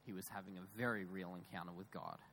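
A man preaching a sermon in a church, emphatic, with raised stresses that drop into quiet, low asides. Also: steady tone, quick pace, slight background noise, rough recording. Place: church with screens.

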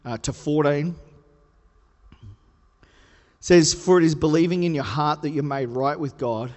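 A man preaching a sermon in a conversational, playful way, building to emphatic highs. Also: fairly even intonation, unhurried, a little mellow. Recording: hall reverb.

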